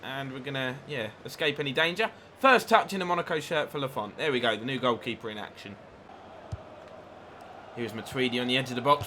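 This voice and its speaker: A man's voice: medium pitch, a little fast, bright, forceful tone, a little hiss or hum. A man giving chatty play-by-play commentary over his own football video game, livening up at big chances. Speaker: gaming YouTuber.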